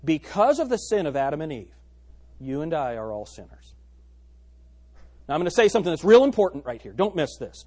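Animated pastor preaching. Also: male voice, fairly high pitch, brisk, pauses often. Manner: emphatic preaching with dramatic swings from loud to hushed. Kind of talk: sermon.

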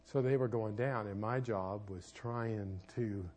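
A man preaching in church as a pastor and marriage counselor, telling a personal story with sudden shouts and asides. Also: fairly low pitch, a little slow.

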